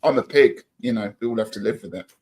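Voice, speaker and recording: This livestream co-host is a middle-aged man who talks fast, his lowish voice a little mellow. Upbeat and friendly, he keeps the chat casual and reads out comments from viewers.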